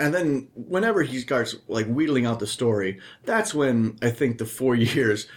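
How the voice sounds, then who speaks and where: A man hosting a casual podcast chat, telling stories in an animated way and swearing often. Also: mid-range voice, moderate pace. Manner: animated storytelling with frequent swearing. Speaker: podcast host.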